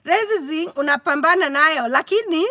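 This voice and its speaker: A woman with a Kenyan accent hosting a casual livestream, chatty and animated, reading out comments and mixing in Swahili. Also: high-pitched, normal speed, no room sound, studio quality. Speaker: livestream host.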